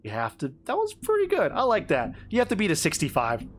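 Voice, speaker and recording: A man's voice: sits high, wildly swooping pitch, a little fast, slight background noise. A man narrating as game master for a tabletop role-playing game, casual and full of fillers. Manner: laid-back, filler-heavy narration.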